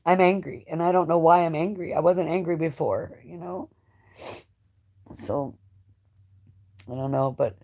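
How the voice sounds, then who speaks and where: A woman host in a live-stream chat, talking in an emotional, rambling way with many halting restarts. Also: low-pitched, warm tone. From United States. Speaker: channel host.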